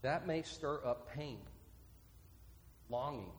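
A man's voice: medium pitch, takes it slowly. Earnest preacher man in a reverberant hall. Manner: earnest, repeats key points for note-taking. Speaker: pastor. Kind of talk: sermon. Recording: long reverb from a large hall.

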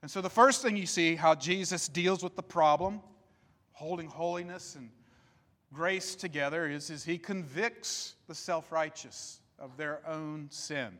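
A male pastor preaching a sermon with an emphatic, repetitive cadence and dramatic pauses. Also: a little high, fairly bright tone. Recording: reverberant hall.

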